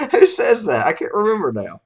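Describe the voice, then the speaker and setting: A man's voice: sits high, huge pitch swings, a little slow, gravelly, slightly rough. A man co-hosting a podcast, chatting casually, laughing easily and thinking aloud. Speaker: podcast co-host. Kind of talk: casual recap chat. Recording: slightly dull lo-fi audio.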